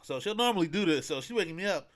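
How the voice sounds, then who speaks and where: A young man tells a story in loose, slang-filled talk, wandering and circling back with plenty of fillers. His voice sits a bit high and sounds bright and forceful. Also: lively intonation, very fast. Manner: slangy, rambling, with many fillers. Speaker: podcast host. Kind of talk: casual storytelling.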